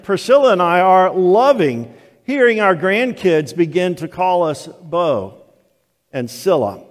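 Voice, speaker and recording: An older man preaching a sermon as pastor, telling the story slowly and deliberately. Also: a little high. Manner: slow, deliberate storytelling delivery. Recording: long hall reverb of a church.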